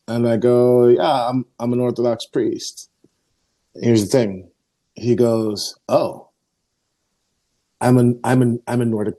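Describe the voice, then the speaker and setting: A man who is an Orthodox priest and podcast host tells a rambling story in casual chat, his mid-range voice dark in tone. The story is full of fillers, and he acts out the voices of the people he quotes.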